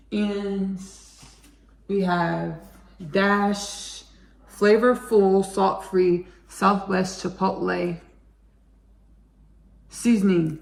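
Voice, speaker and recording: Chatty woman with a gravelly voice in an echoey kitchen. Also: medium pitch, far from the mic. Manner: chatty and rambling, often says "y'all" to viewers. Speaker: home cooking show host. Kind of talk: casual cooking demonstration. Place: home kitchen. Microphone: camera set up on the counter. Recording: echoey kitchen, faint clicks.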